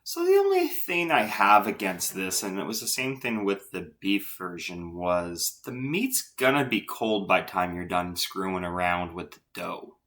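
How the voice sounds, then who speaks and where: Man with a very low, bright voice, tired chef, casual rambling commentary. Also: sing-song, a little slow, few pauses. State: tired, yawning late at night. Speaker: chef reacting to a cooking video.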